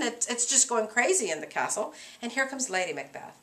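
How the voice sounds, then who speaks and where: A middle-aged woman teacher lectures her class with a bright, clear voice that sits a little high. She keeps things animated and conversational, breaking into short dramatic readings of characters' lines. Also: fairly quick, few pauses.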